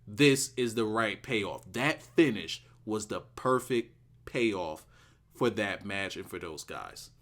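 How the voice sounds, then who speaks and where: A man gives a casual solo video review of a wrestling show, excitable and rambling, repeating words for emphasis. His voice sits on the low side and he speaks at a slow pace.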